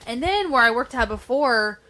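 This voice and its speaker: A woman on a casual podcast, telling a story in an animated, profane way. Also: fairly high pitch, moderate pace. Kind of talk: casual chat.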